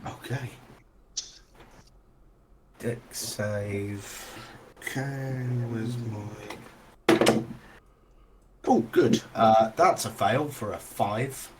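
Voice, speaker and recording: A man running a tabletop game as game master, unhurried and terse. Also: lowish voice. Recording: loud hiss and clicks.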